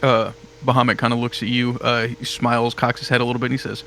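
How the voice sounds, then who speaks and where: A man narrates as game master in a relaxed way, with plenty of fillers. His voice is mid-pitched, and a faint hum sits behind it. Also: fast talker, creaky, few pauses, rough recording.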